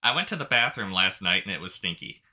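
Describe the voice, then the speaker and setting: A man's voice: low-pitched, expressive, fast talker, pushed and bright. A man co-hosting a podcast, reading online stories aloud and trading dry jokes in casual chat. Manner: dry joking banter. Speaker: podcast co-host.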